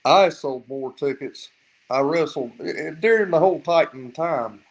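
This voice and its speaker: A man with a slightly raised voice tells long, rambling stories as a podcast guest, circling back and restarting his sentences as he goes. His tone stays conversational and unhurried. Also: a little high, poor audio. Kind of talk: casual storytelling.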